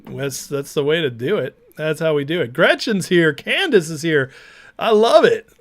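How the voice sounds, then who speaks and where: A man with a fairly high, lively voice hosts a casual livestream watch party. He's upbeat and chatty, rattling off viewers' names from the chat at speed.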